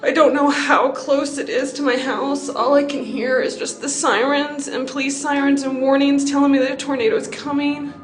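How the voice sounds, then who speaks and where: A woman's voice: sits high, reverberant. A terrified, breathless young woman filming herself alone in a small underground shelter on a phone, talking shakily, swearing and whispering prayers. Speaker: vlogger. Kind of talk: frightened self-recorded video diary.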